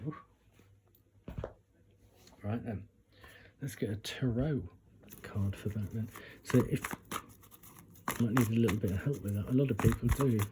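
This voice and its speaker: A man's voice: lowish voice, a little slow, long pauses, very noisy. A man doing a casual tarot reading, reading passages aloud from a guidebook and breaking off for chatty asides and retakes. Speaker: tarot reader.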